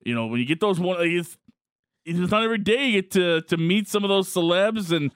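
A male radio host with a smooth, resonant voice chats and jokes in friendly banter. The studio sound is dry and close. He keeps the talk casual. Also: high-pitched, expressive, fairly quick, dry recording. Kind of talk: casual sports radio chat.

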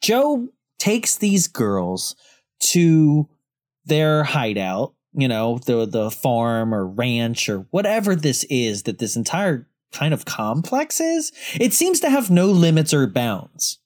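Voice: medium pitch, huge pitch swings, slow pace, a little mellow. A podcast co-host in casual movie discussion, wry and laughing often, acting out quotes.

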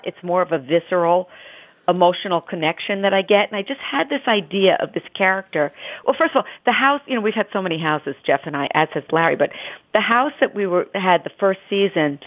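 Brief: low-pitched woman, actress in interview, thin phone-like sound. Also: lively intonation, a little fast. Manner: reflective, conversational. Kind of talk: interview answer.

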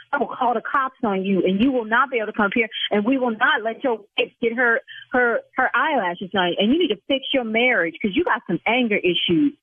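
A woman's voice: fairly high pitch, husky, no room sound. A woman from the South Side of Chicago, a salon owner who speaks in an indignant, exasperated, defensive way and swears, over the phone. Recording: tinny phone line.

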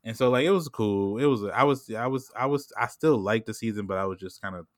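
Casting note: low-voiced guy, loose rambling talk full of fillers, dry close sound. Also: no echo. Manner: rambling, heavy "like" and "you know what I'm saying"; laughs often and puts on quick voices when quoting people. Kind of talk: casual chat.

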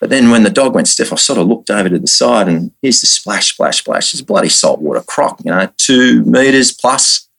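Deep, husky Australian guest, lively yarn-spinner who keeps restarting. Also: male voice, normal speed, hardly any pauses. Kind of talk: casual storytelling.

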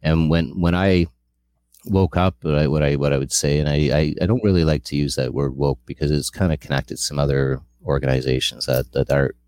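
A man's voice: a bass voice, steady tone, brisk, a little mellow, no room sound. A middle-aged man sharing a candid personal testimony, earnest and rambling with frequent restarts.

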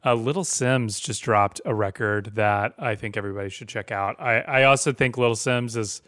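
Male co-host, smooth resonant tone, dry close mic, easygoing sarcasm. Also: medium pitch, fairly bright tone, no echo. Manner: laid-back, jokey, sarcastic asides. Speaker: podcast co-host. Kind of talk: casual chat.

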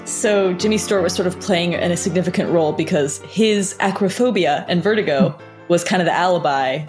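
A young woman co-hosting a podcast, recapping a film in animated, jokey, casual chat. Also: lowish voice, brisk, soft background music. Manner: animated, jokey, dramatizes scenes. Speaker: podcast co-host.

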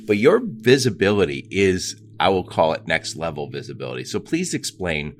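Very deep-voiced enthusiastic male podcast host. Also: sing-song, moderate pace, a little hiss or hum. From United States. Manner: enthusiastic, chatty, laughs often. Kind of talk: casual interview chat.

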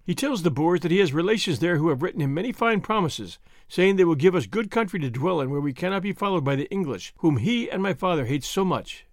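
A man's voice: high-pitched, lively intonation, fast, hardly any pauses, dry recording, clean studio sound. A man reading the lines of a devoted young woman, earnest and solemn as she makes her vows. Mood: tender.

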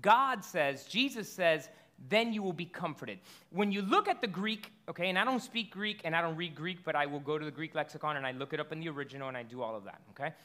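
With lively intonation, a pastor delivers his sermon in a high, bright voice. His tone is conversational, peppered with rhetorical questions and hasty restarts as he works his point out.

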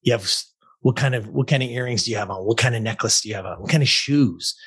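Blunt, husky-voiced male coach. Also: mid-range voice, fast talker. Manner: blunt, profane, energetic. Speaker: fitness and life coach. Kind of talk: storytelling in a podcast interview.

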